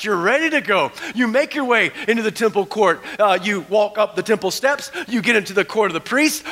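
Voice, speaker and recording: A man preaching a sermon as pastor, animated, dropping to hushed tones for emphasis. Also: sits high. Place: church sanctuary. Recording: long church hall reverb.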